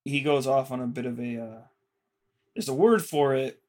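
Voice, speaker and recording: A man co-hosting a podcast, casually recapping episodes in a loose, rambling way full of fillers and quickly paraphrased quotes. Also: mid-range voice, a little mellow. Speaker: podcast co-host.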